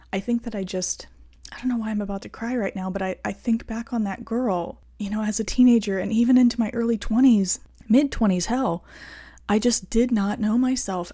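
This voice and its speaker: A woman in her thirties hosting a podcast, talking through personal reflections in an earnest, halting way with lots of restarts and fillers. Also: mid-range voice, warm tone. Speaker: podcast host.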